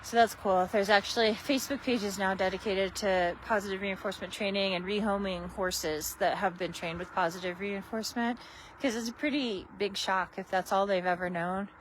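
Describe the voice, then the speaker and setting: A woman's voice: mid-range voice, a little hiss or hum, rough recording. A woman horse trainer chatting casually on a livestream while working outdoors at a barn, easygoing and coaxing.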